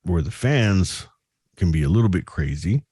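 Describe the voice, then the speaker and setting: A man hosting a podcast, telling stories in an animated way and imitating people. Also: low-pitched, normal speed, husky, no room sound, studio quality. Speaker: podcast host. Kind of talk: casual podcast chat.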